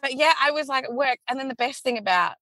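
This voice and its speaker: A woman's voice: sits high, quick pace. A woman in her thirties telling a story as a guest, acting out quotes with a laugh. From Australia. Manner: animated storyteller, acts out quotes, laughs often. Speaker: small business founder, podcast guest. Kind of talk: casual chat.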